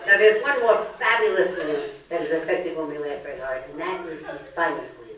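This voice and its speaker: A woman's voice: deep voice, brisk, a crowd in the background. Older New woman, echoey lecture. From Brooklyn, New York. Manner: joke-telling, lively storyteller. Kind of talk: comedic lecture. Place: library meeting room. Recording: echoey room, distant mic.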